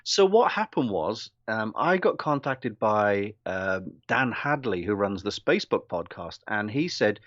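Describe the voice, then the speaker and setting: A man chatting as a podcast guest, an animated storyteller who acts out the quotes he tells. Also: on the low side, measured pace, hardly any pauses, no echo. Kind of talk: casual interview chat. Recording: dull lo-fi dry sound.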